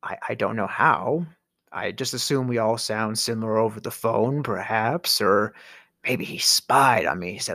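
A man's voice: on the low side, moderate pace, vocal fry, pushed and bright, no room sound. A man telling a comic story with dry, self-mocking asides.

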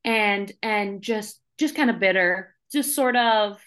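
A young woman from the Midwest, a guest actor on a podcast, telling a story in a lively, emphatic way. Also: medium pitch, takes it slowly, clear, resonant tone. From Minnesota, USA. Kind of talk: casual podcast interview.

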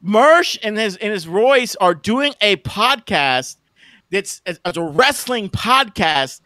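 A man with a high, bright, edgy voice rants to his stream chat, tripping over and repeating words as he mocks people. The sound is close and dry, with no room around it. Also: lively intonation, takes it slowly, no room sound. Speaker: livestream co-host. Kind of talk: casual ranting stream chat.

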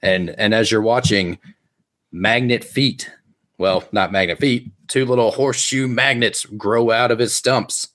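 Male game master with a lowish voice, playful comic narrator of a tabletop game. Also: fairly even intonation, a bit bright. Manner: playful, puts on quick voices for characters.

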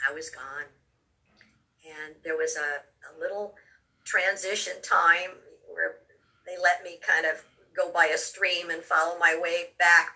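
A woman telling a personal story in a halting way, often repeating words, with real emotion, her voice a little distant from the mic. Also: fairly low pitch, sharp tone. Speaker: storyteller recounting a near-death experience.

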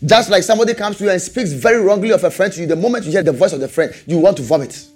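A man preaching a sermon, animated, repeating rhetorical questions and laughing often. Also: high-pitched, racing, faint music behind.

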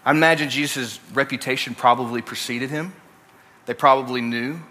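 Bright young man with an Alabama accent. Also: medium pitch, steady tone, fairly quick. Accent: Alabama Southern. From Alabama, USA. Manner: conversational, many fillers and restarts. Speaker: preacher. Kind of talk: casual sermon with storytelling.

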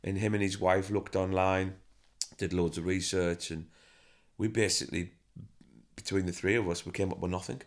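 A deep-voiced man chats casually about running his band. He tells stories freely and acts out quotes as he goes. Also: normal speed, pauses often. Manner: chatty, animated storytelling with acted-out quotes. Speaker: band member and manager, guest. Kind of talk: casual interview chat.

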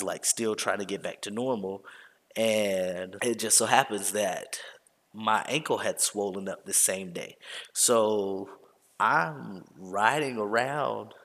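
A man telling a story from work in a heated, profane, animated way, as a podcast host. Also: fairly low pitch. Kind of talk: casual storytelling. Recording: long reverb.

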